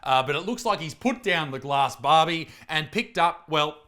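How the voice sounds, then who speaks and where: An Australian comedian hosts a reaction video in a fairly high voice. He mocks what he watches with theatrical, profane put-downs. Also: expressive, moderate pace, sharp tone. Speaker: comedian and host.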